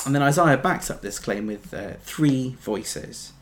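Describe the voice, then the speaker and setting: A man preaching a sermon, earnest, building to emphatic peaks and then dropping soft. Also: mid-range voice, lively intonation, unhurried.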